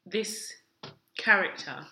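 Brief: young woman, co-host, blunt sarcastic banter, bright voice, echoey room. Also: slow, slight background noise. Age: young adult. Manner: blunt, sarcastic asides, swears. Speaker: podcast co-host. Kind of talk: casual chat. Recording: roomy echo.

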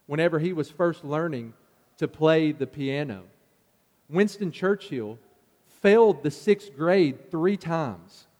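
A man's voice: a little mellow, in a large hall. A man preaching a sermon, earnest and rising in force as he drives his points home. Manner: earnest, builds in pitch and force on key points.

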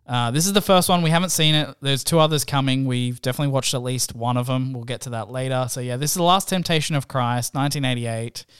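Male podcast co-host, clear smooth voice, dry close sound, chatty and filler-heavy. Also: mid-range voice, fast talker, few pauses, no room sound. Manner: animated storyteller with many fillers. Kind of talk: casual chat.

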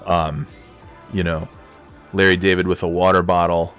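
A man's voice: low-pitched, little pitch movement, normal speed, fairly bright tone, clean tone, soft background music. A man hosting a solo podcast, rambling in a loose, profane, digressive way. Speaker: podcast host.

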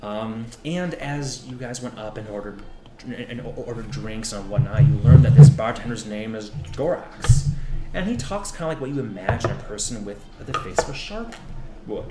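A man's voice: medium pitch, moderate pace, roomy sound, very noisy. A man narrating a tabletop game as game master, rambling with lots of restarts and fillers.

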